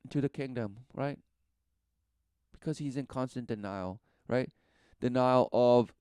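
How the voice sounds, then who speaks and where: A man's voice: mid-range voice, a little slow, long pauses, dark tone, smooth, no echo. A man preaching in a rambling talk, often tossing in rhetorical questions. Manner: rambling, keeps asking "who knew" and "right?".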